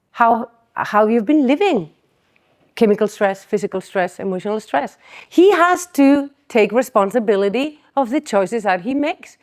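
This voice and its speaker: A woman chiropractor giving a conference talk, chatty and full of asides, acting out her talks with patients. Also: mid-range voice. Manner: lively storyteller who acts out dialogue with patients; chatty, fills speech with "like" and asides to the audience. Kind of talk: conference presentation. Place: conference hall stage.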